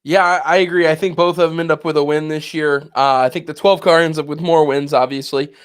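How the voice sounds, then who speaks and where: A man's voice: on the high side, steady tone, fairly quick, smooth. A man in his twenties co-hosting a podcast, chatting casually and acting out his own past reactions as he tells a story. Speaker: podcast co-host. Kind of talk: casual chat.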